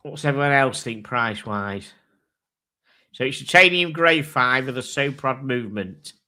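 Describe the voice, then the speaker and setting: A man hosting a casual live chat with a bright, forceful voice. He thinks aloud, swears freely and reads specs and prices in an easy, offhand way. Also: mid-range voice, lively intonation, normal speed. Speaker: host.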